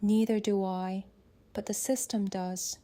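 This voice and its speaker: A man voicing a calm, menacing, manipulative woman in an audiobook, in a soft, breathy half-whisper with a slow, taunting manner. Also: high voice, dry recording, pitched above the performer's own voice. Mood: coolly menacing. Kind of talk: audiobook character voice.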